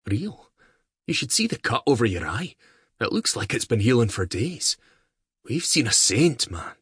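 Cheerful teasing brother, read by a man, husky, dry close mic. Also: mid-range voice, sing-song, a little slow, a bit bright, dry recording, voice pushed up, heavily acted.

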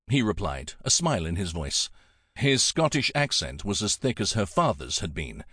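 A man reading a romance fantasy audiobook in expressive, measured scripted narration. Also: sits low, slightly rough, no echo, studio quality.

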